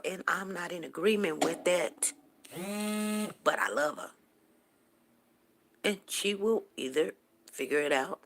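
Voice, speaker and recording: This morning talk show host, a woman in her fifties, chats casually on a livestream and spins rambling stories for her viewers. She has a deep, creaky, husky voice that's a bit bright.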